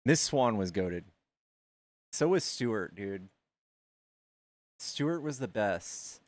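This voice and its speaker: A male livestream host chatting casually with his viewers, tossing out quick asides. His voice is animated and swings widely in pitch. The sound is close and dry on a desk mic. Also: no echo. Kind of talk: casual chat with callers and chat.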